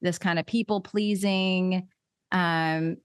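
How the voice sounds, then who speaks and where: A woman's voice: on the low side, steady tone, slow pace, clear, resonant tone, dry recording, clean studio sound. A woman hosting a podcast in casual chat, chatty and laughing easily. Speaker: podcast host.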